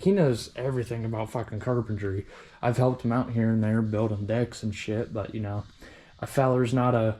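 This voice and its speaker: Young guy vlogging from his workshop, dark mellow tone, loose and rambling, swears a lot, pokes fun at himself. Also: mid-range voice. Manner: rambling, profane, self-deprecating. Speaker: hobby vehicle restorer. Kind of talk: casual workshop vlog.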